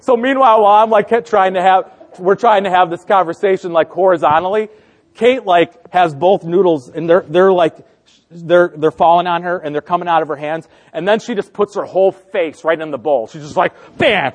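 A man's voice: high voice, moderate pace. A man in his thirties preaching a sermon, telling a family story and acting out his family's lines with frequent laughter. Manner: laughing often through the story. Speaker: pastor.

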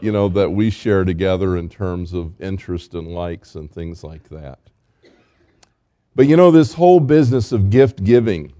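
A middle-aged man preaching a gentle, earnest Christmas sermon, with fillers and restarts. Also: lowish voice. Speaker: pastor.

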